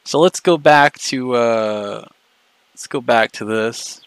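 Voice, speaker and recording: A man's voice: medium pitch, slow, smooth, no room sound, rough recording. A man ranting angrily on a livestream, profane, mocking and confrontational. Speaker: streamer. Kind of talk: angry livestream rant.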